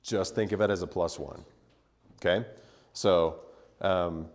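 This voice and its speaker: A man's voice: low voice, fairly even intonation, slow pace, a little mellow, in a large hall. A man teaching a church music class, explaining at length with fillers and frequent "right?" and "okay?" checks. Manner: sings solfege syllables as demonstrations. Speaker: chant teacher. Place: church hall.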